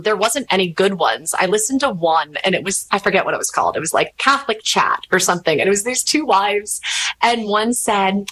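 A woman, talking candidly as an interview guest, rambling and animated as she acts out the voices of people she quotes. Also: medium pitch, rough recording. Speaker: podcast host, interview guest. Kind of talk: candid conversational storytelling.

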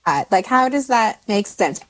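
A woman in her forties, a mindset coach, talking casually and jumping up in pitch when she quotes herself. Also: moderate pace. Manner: animated, swoops into high pitch when quoting herself. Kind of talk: casual podcast chat.

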